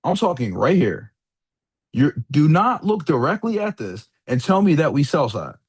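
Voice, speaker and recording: Laid-back slangy man with a husky, lively voice. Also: fairly high pitch, moderate pace. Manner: laid-back slangy rambling, swears freely, calls listener dog and bro. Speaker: trading mentor. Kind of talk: casual screen-share trading lecture.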